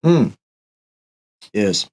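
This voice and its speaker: A man hosting a live nutrition Q&A, joking dryly, then answering in a slow, measured way. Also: a little mellow. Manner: dry, joking, measured when explaining. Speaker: host. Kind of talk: live Q&A chat.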